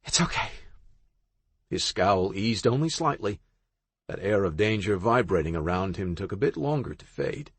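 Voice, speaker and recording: A male narrator reading romance fiction in a measured, expressive way. His voice is low and a touch husky. The recording is dry and close. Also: dry recording. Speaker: audiobook narrator. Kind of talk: scripted romance novel narration.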